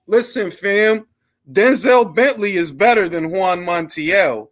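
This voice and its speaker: A man with a high, slightly bright voice speaks slowly as he hosts a boxing talk show. He keeps things loose on a casual live stream, trading slangy, joking banter.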